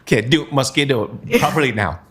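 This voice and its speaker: Very deep-voiced woman host. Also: a little fast, a bit bright. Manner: brief prompts and echoing replies. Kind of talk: interview questions.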